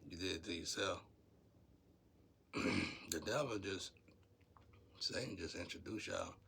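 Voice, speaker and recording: A man with a low, gravelly voice and a bright, forward edge to it talks. He rambles and preaches to his viewers in a loose, unscripted monologue. Faint noise sits behind the recording. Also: animated, unhurried. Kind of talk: casual spiritual monologue to viewers.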